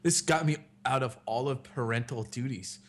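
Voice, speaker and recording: A man's voice: medium pitch, moderate pace, fairly bright tone. A man in his thirties hosting a podcast, telling rambling stories with a lot of swearing. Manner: rambling storyteller, swears freely. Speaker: podcast host. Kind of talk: casual chat.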